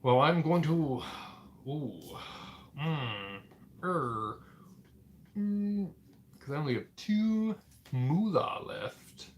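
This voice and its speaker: A man's voice: a little high, very animated, very slow, long pauses, a little hiss or hum. A man playing a board game with a friend, explaining the rules in casual chat.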